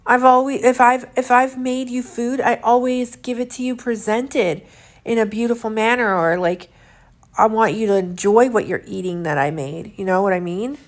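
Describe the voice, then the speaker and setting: A woman's voice: fairly high pitch, moderate pace. A young woman vlogging at home in casual chat, earnest and indignant, rambling with lots of fillers as she talks.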